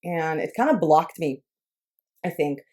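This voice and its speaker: A woman's voice: low-pitched, lively intonation, unhurried, warm tone. A young woman from Israel speaking English with a light, Americanized Israeli accent, chatting casually in a personal vlog with frequent filler words. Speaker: YouTube creator.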